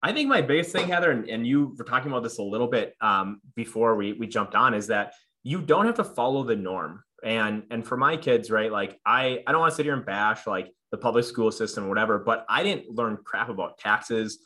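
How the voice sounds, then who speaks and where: A man's voice: medium pitch, lively intonation, a little fast, bright, forceful tone. A man in his thirties, a guest in a casual interview, talking earnestly with lots of fillers and restarts. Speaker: podcast guest.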